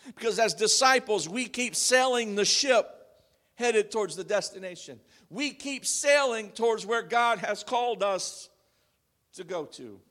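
A male pastor preaching a sermon, swinging dramatically between loud proclamations and hushed, confessional asides. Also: sits high, animated, measured pace.

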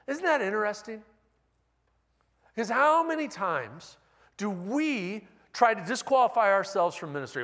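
A man's voice: fairly high pitch, very animated, a little slow, fairly bright tone. A male pastor giving a conversational sermon with wry, self-deprecating humor. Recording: long reverb of a large hall.

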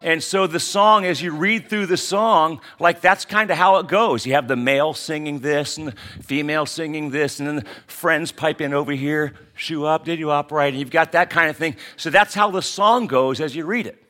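A man's voice: on the high side, moderate pace, bright, forceful tone. A man pastor giving a conversational sermon that teaches through rhetorical questions.

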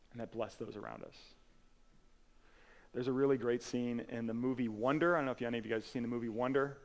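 Earnest pastor, loud then hushed. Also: male voice, medium pitch. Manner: earnest, swings from emphatic to soft and quiet; casual asides with fillers and restarts. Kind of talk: sermon.

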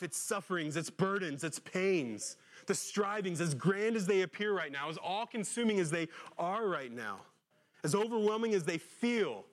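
A man preaching a sermon as pastor, earnest, rising louder on rhetorical questions and dropping low and hushed on solemn lines.

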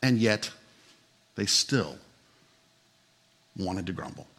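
A man's voice: low voice, lively intonation, slow, a bit bright, breathy edge. A man preaching a sermon as pastor, telling stories in an easy, conversational way with some humor, and turning earnest and emphatic when he makes his point.

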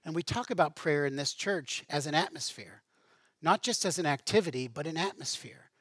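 A man's voice: fairly high pitch, expressive, moderate pace, fairly bright tone, dry recording, studio quality. A middle-aged man preaching a sermon as a pastor, conversational, with asides and light humor.

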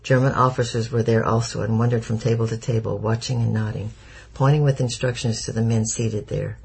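A man narrates a historical novel in a measured storytelling manner. His voice is gravelly and husky. The tone is dark and mellow. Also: medium pitch, fairly even intonation, poor audio. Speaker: audiobook narrator. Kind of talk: scripted narration.

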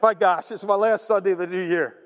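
A man's voice: high-pitched, fairly even intonation, fairly quick, in a large hall, highs cut off. A man preaching a sermon, joking and poking fun at himself between points. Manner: joking, self-deprecating asides. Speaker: pastor.

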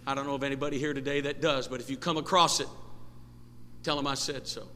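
A man preaching a sermon as pastor, impassioned and rising to shouts, in a church sanctuary. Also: mid-range voice, fairly even intonation, fast. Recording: long church hall reverb, faint noise.

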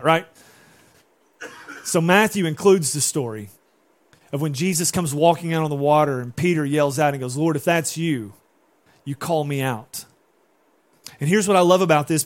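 Man preaching with rising emphasis. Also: a little high. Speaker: pastor. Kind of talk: sermon.

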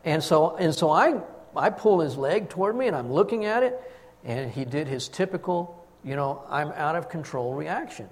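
An older man, a grandfather, preaching a sermon and telling a family story with lively, acted-out quotes. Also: fairly high pitch, moderate pace, in a large hall. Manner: storytelling, animated, acts out quotes. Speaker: pastor.

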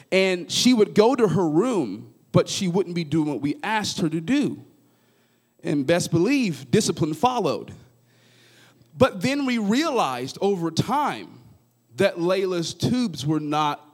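A man in his thirties preaching a sermon, moving between hushed asides and rising, fervent prayer as he tells stories. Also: fairly high pitch. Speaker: pastor.

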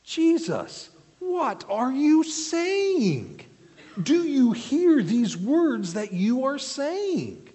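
Brief: astonished man in disbelief, a preacher doing the voice, pitched far up, in a reverberant hall. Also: wildly swooping pitch, extremely slow, mellow, breathy edge, exaggerated voice. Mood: incredulous. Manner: shocked, pleading, high-pitched outburst. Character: incredulous first-century male listener, astonished.

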